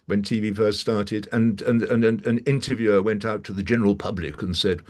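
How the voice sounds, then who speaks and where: A man's voice: lowish voice, fairly even intonation, fairly quick, a little mellow. A male actor talking casually as an interview guest from a room at his home, rambling with many restarts.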